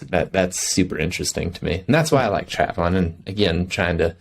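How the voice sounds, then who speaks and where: Very deep, gravelly-voiced male hunter. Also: a little fast. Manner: earnest, reflective, laughs easily. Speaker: guest, hunter. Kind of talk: casual conversation.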